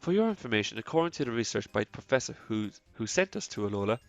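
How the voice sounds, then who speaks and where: A man reading game characters aloud in a mock French accent, quiet and halting with stumbles. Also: mid-range voice, big pitch swings, soft background music.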